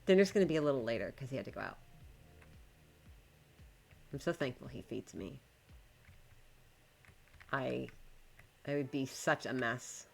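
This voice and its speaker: A woman's voice: extremely low pitch, expressive, unhurried, vocal fry, pauses often. A woman streaming live, chatting casually to her viewers and to the game while she builds, swearing when it frustrates her.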